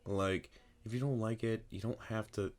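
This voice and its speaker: Young guy w a real low voice, crude and blunt, swears a lot. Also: steady tone, moderate pace, darkish tone. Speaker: podcast co-host. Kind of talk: casual chat.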